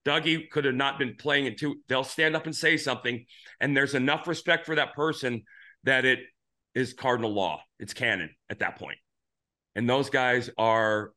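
This is casual sports talk from a former pitcher turned podcast host, a middle-aged man whose baseball show wanders through stories that keep restarting. He has a mid-range voice with a bright, forceful tone.

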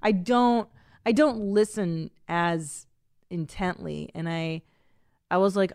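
A woman's voice: lowish voice, moderate pace, darkish tone, clean tone, no echo, studio quality. A woman in her forties hosting a podcast, chatting casually and self-mockingly with frequent laughter. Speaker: podcast host. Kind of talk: casual comedic monologue.

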